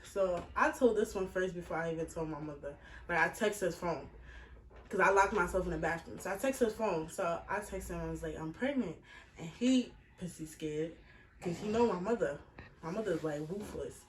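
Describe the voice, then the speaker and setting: An echoey room, a distant mic and faint hiss frame this recording of a twenty-something woman with a lowish voice at normal speed. She casually retells a personal story, blunt, animated and full of swearing.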